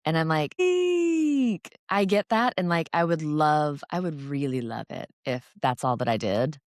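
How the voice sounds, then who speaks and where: A woman's voice: sits low, fairly even intonation, normal speed, no room sound, clean studio sound. A woman co-hosting a casual professional podcast chat as an oral surgeon, talking freely and acting out quotes from patients and colleagues.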